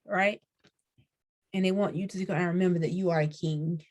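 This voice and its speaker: Woman tarot reader, chatty and casual, lower pitch. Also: steady tone, moderate pace, a little mellow. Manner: chatty, explains cards to viewers. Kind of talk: casual spiritual reading.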